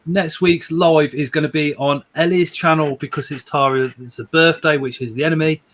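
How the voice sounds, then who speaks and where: A man's voice: a little high, steady tone, moderate pace, a bit bright. A man hosting a casual live stream from home, rambling, repeating words and chuckling as he reads out viewer comments.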